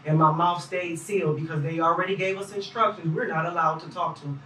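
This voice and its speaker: A man's voice: fairly high pitch, fairly even intonation, fairly quick, sharp tone, slight background noise. A man recounting what he observed as a poll challenger in an emphatic, detailed way, recorded in an echoey room from a distance. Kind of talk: interview testimony.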